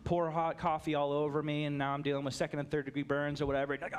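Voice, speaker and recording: A middle-aged man preaches in a relaxed, conversational way, slipping into brief acted-out exchanges between people. His voice sits a touch higher than most men's. It is a pastor's sermon delivered like talking to friends. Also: very fast. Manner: conversational preaching, acts out little dialogues.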